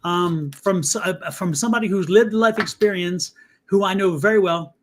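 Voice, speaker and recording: A man's voice: high voice, slight background noise. A man co-hosting a live tarot stream, telling a personal story in a casual, conversational way. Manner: storytelling, conversational, quick asides. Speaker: tarot reader co-host.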